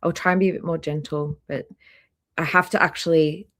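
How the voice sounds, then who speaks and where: A woman's voice: low-pitched, steady tone, a little fast, a bit bright. Chatty woman greeting her live chat. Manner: chatty, greets viewers by name one after another. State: slightly hoarse, clearing throat. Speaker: livestream host. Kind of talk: casual live stream chat. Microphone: laptop microphone near trackpad.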